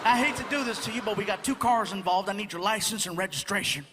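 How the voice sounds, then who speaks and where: A man voicing a veteran male highway cop in a stand-up routine, with a drawling, laid-back authority. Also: fast talker, over music, close to an everyday voice. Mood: stern. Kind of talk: stand-up character voice. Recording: echoey live venue with crowd ambience.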